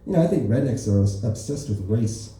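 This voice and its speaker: Male comic at an open mic, dark mellow voice, very echoey club, heard from afar. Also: mid-range voice, lively intonation, brisk, far from the mic, slight background noise. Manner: loose, offhand, full of "right?" and "you know". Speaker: stand-up comedian.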